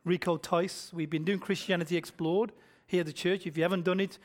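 A male pastor, preaching a sermon and swinging between loud declarations and hushed asides. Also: high voice, fairly even intonation, brisk. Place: church.

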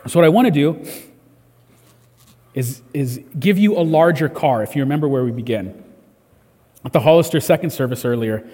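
A man's voice: on the high side, darkish tone, breathy edge, big-room sound. A man preaching a sermon in a conversational way, often restarting his words. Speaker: pastor. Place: church service.

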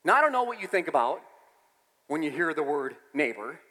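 Pastor, male: bright, animated delivery, big pitch swings, church reverb. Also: brisk. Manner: animated storytelling, breaks into song and shouts. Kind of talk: sermon.

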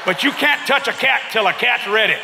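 High-pitched exuberant preacher man. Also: lively intonation, brisk, gravelly, heavy background noise. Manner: exuberant, shouting, laughing, acting out voices. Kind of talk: comedic sermon. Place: large church auditorium. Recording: echoey church hall, live crowd.

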